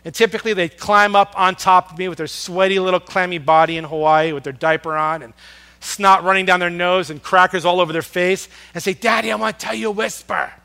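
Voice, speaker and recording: A man preaching a sermon, earnest and storytelling, swinging from loud emphasis down to a hush on soft words. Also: high voice, fairly even intonation, a little fast, clean tone. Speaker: pastor.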